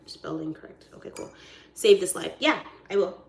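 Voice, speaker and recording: A woman's voice: on the low side, lively intonation, a little fast. A woman realtor chatting casually on a live stream, goofy and rambling in a silly, friendly way. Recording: roomy echoey sound.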